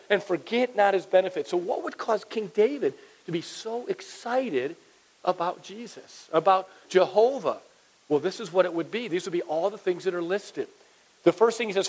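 A man in his forties, a pastor giving a playful, animated children's sermon to kids and parents in a church. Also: sits high, low-quality recording. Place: church sanctuary.

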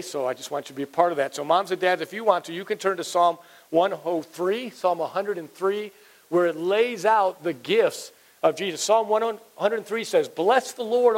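A man in his forties, a pastor giving a playful, animated children's sermon to kids and parents in a church. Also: a little high, rough recording. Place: church sanctuary.

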